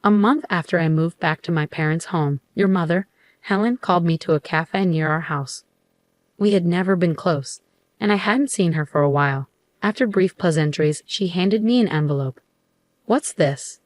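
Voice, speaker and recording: A woman narrating a first-person story in an even, measured way. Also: on the low side, no room sound.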